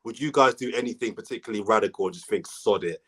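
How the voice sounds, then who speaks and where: A man's voice: on the low side, very fast, a bit bright, slightly rough, rough recording. A man co-hosting a casual podcast, hesitant and stopping to laugh. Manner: hesitant, restarts, giggly. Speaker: podcast co-host. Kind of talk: casual chat.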